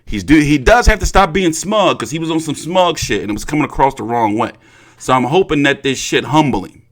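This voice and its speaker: Young dude ranting about boxing, cursing a lot, voice jumps all over, kinda high. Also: male voice, lively intonation, brisk. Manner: profane, repetitive, street slang. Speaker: boxing commentary host. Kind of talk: casual opinion vlog.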